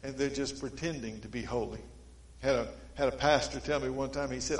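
A male preacher, giving a sermon in a folksy storytelling way, swinging between emphatic stretches and quiet ones. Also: medium pitch, steady tone, fairly quick, echoey room, rough recording.

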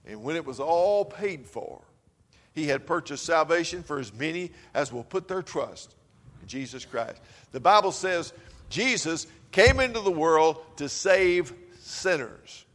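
A man preaching a sermon, swinging between loud, urgent calls and low, quiet passages. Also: lively intonation, unhurried, long reverb tail.

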